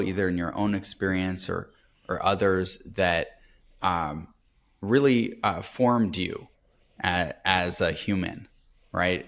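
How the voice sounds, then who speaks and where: A man hosting a podcast, asking questions in an earnest, halting way with many restarts. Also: low-pitched. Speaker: podcast host. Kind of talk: podcast interview.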